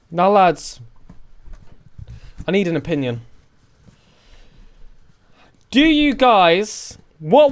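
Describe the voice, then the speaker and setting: Chatty young streamer from southern England. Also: male voice. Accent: southern English. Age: young adult. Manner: chatty and joking, with lively swings in pitch. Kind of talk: casual live-stream chat with viewers.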